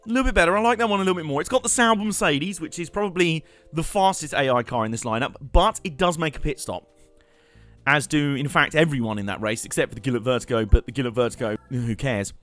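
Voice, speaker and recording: A man's voice: a little high, fast, a bit bright, soft background music. A young man, chatting and joking while commentating his live gameplay stream. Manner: chatty, joking, rambling asides with laughs.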